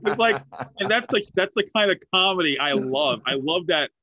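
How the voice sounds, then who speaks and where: A man's voice: high-pitched, expressive, normal speed, pushed and bright. A man in his forties, from the United States, hosting a podcast in a chatty, easy-laughing way. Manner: chatty film buff, laughs easily. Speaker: podcast host. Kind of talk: casual interview chat. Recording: dry, dull lo-fi sound.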